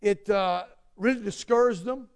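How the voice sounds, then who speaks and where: A man preaching a sermon, earnest and emphatic, repeating phrases and swinging between loud declarations and hushed asides. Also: sits high, moderate pace, clear, resonant tone.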